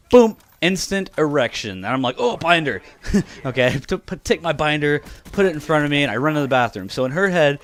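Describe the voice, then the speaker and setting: Chatty man in his twenties, laughing often. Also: medium pitch. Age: 20s. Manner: chatty, laughs often, leans on "you know". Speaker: vlogger. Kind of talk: casual storytelling to camera.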